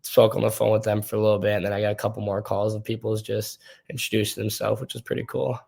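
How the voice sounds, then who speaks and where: A young man from Minnesota speaks in a low, nearly monotone voice with little rise or fall. He talks easily and at length, stringing his stories together in a relaxed interview manner. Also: fast talker, gravelly, slightly rough. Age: young adult. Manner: easygoing, rambling storytelling. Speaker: hockey player guest. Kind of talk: casual interview.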